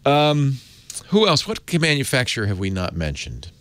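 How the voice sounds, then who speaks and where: A man hosting a casual tech podcast, an animated storyteller who laughs often. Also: medium pitch, moderate pace, no room sound. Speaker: host.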